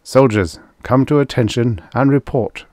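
A man's voice: mid-range voice, measured pace, a little mellow, no echo, studio quality, pitched above the performer's own voice, natural voice. A man voicing an earnest young man who tends broken robots, speaking carefully.

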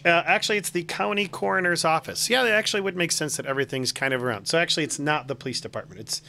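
A man's voice: fairly high pitch, very fast, gravelly, bright, forceful tone. A man running a tabletop game as game master, rambling with many fillers and restarts.

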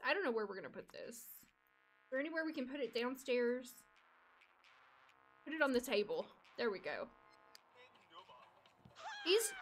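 A woman's voice: high-pitched, fairly bright tone. A young adult woman streaming a life-sim game, chatting, laughing and coaxing her characters along. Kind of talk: live game commentary.

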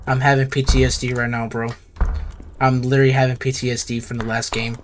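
A man's voice: mid-range voice, level tone, quick pace, faint music behind. A man playing a horror game on his channel, scared and jittery, repeating the same words over and over and calling everyone "bro". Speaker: gaming youtuber.

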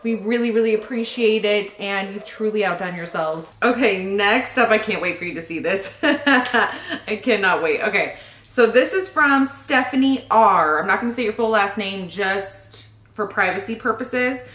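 A woman's voice: mid-range voice, normal speed, a bit bright, roomy sound. A pregnant woman, gushing and laughing as she opens baby gifts in a casual vlog. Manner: gushing, giggly, often laughing. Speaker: channel host opening fan gifts.

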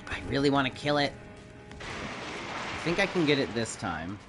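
Man, gameplay commentary, slightly hoarse, excitable, swings up and down in pitch, game music behind. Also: a little slow. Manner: excitable, swears and yells at enemies. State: slightly hoarse, frog in throat. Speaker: streamer.

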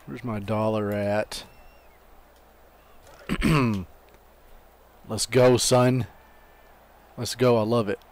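A man's voice: on the low side, steady tone, drawn-out words, long pauses. Chatty hyped gamer guy rambling. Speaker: let's play gamer. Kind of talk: casual gameplay commentary.

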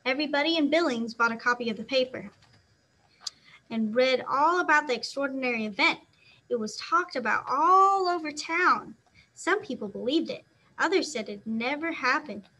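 A woman teacher reads a children's novel aloud with an expressive delivery, acting out the sound words. Her voice is high and bright. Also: moderate pace.

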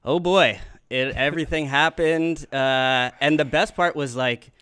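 A man's voice: a little high, unhurried, pushed and bright, clear, resonant tone. Laid-back man giving soccer analysis. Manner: laid-back, thoughtful, with fillers. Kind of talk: casual chat.

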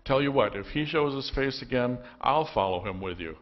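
A man's voice: mid-range voice, expressive, moderate pace, muffled recording, natural voice. A man voicing Peter, a blunt, skeptical fisherman who doubts his brother. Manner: gruff, doubting, yelling across water.

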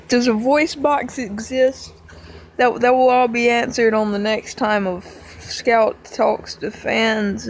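A woman's voice: on the high side, a little hiss or hum. A woman hosting a gaming channel, talking casually to fans in a giggly, rambling, self-mocking way with a strained, worn-out voice.

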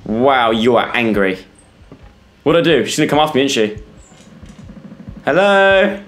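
A man's voice: mid-range voice, a little fast, slight background noise. A young British man commentating a horror game for viewers, jumpy and yelping when scared. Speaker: gaming YouTuber. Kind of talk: let's play commentary.

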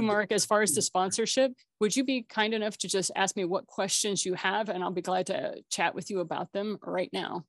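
A chatty woman hosts a casual online networking call, joking and laughing between introductions. Her voice sits at an ordinary middle pitch and sounds dry and close, with no room around it. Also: brisk, fairly bright tone, dry recording. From Colorado. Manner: chatty, jokey, laughs often. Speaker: host.

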